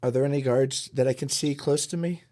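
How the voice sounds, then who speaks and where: Guy playing a tabletop game, halting, lots of ums, middle pitch. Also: fairly even intonation, warm tone. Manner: halting, with fillers and restarts. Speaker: player.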